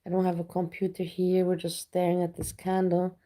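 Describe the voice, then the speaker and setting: A woman with a lowish, mellow voice chats on a live stream. She talks straight to her viewers and turns blunt and sweary when she rants. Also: monotone, a little fast. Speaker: livestreamer. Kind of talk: casual live stream chat.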